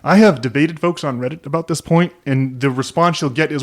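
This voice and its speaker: A man's voice: fairly high pitch, brisk, hardly any pauses. A man hosting a podcast in casual chat, rambling with frequent restarts and tag questions. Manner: rambling, many restarts and "right?" tags. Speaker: podcast host.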